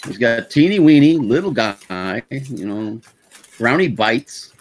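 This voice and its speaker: A man's voice: mid-range voice, sing-song, slow. A man calling into a video chat show, teasing another caller. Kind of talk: casual chat.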